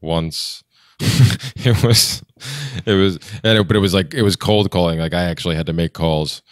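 A man with a very low, smooth and resonant voice, talking casually on a podcast. He rambles, restarts his sentences and laughs often. The sound is dry and close. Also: normal speed, no echo. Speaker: podcast co-host. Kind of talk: casual chat.

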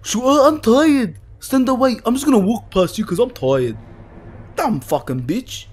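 A young man, panicking through a horror game while he swears and shouts at the screen. His voice sits high and swings wildly up and down, with a husky edge. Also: big pitch swings, normal speed. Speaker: gaming YouTuber. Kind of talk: horror game let's play.

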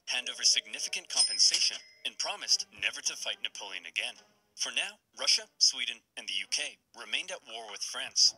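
Male comedic history narrator, bright and animated, dramatic punchlines. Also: medium pitch, poor audio. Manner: punchy, dramatic comic timing.

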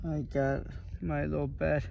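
Tired, slow, gravelly-voiced grieving man. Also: fairly high pitch, little pitch movement, dull audio, a little hiss or hum. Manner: soft, tired and halting. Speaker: vlogger. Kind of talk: late-night video diary. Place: small private sleeping area, indoors.

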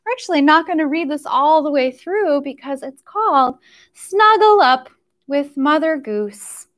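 A woman's voice: high voice, expressive, measured pace, fairly bright tone. A woman leading a children's storytime, chanting nursery rhymes in a cheerful sing-song and stretching out the last words of each line. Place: library storytime recorded on camera.

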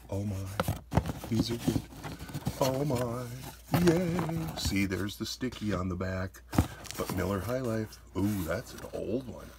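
A man's voice: on the low side, slow, very noisy. A man collector hosting an unboxing video, calling out each find and exclaiming with delight. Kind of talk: unboxing vlog.

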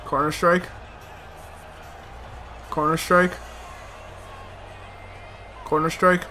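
A man's voice: fairly high pitch, little pitch movement, extremely slow, pushed and bright, soft background music, a faint crowd. A man commenting on his own gameplay, muttering to himself, swearing in frustration and breaking into sudden outbursts. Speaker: let's play host.

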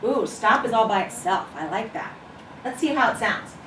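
A woman's voice: a little high, expressive, normal speed, a bit bright, a little hiss or hum. A woman teaching first grade, leading a shared reading with encouragement and chanted rhythm in a classroom. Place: classroom with children. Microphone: far camera mic. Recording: echoey classroom from far off.

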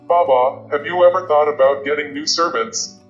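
A man voicing a guilty, timid boy who speaks hesitantly and apologetically, in a muffled recording with soft guitar music. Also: a little high, normal speed, close to an everyday voice.

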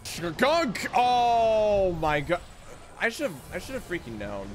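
At a normal speed and a fairly high pitch, a man comments live as he streams video games. Excitable and foul-mouthed, he often breaks into silly put-on voices.

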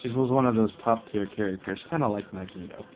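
A man commenting on his own gameplay, grumbling about opponents and shouting out attack names. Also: fairly low pitch, quick pace. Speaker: let's play gamer. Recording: tinny lo-fi mic with faint hiss.

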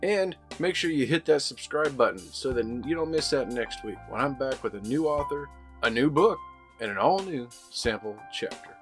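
A man's voice: medium pitch, animated, normal speed. Folksy man hosting a podcast. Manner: friendly, folksy. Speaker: podcast host. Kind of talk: casual podcast outro. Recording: music playing under the voice.

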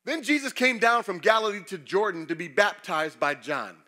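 Male pastor, sermon delivery, bright high-ish voice, rhetorical questions, big swings in loudness. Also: sing-song, moderate pace. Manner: preaching with sweeping shifts between loud emphasis and quiet confession; asks the congregation rhetorical questions.

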